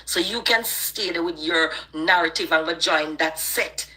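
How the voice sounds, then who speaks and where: A woman with a Jamaican accent hosts an online live stream, her low, bright voice unhurried yet forceful. She delivers a passionate rant in an emphatic, preachy manner.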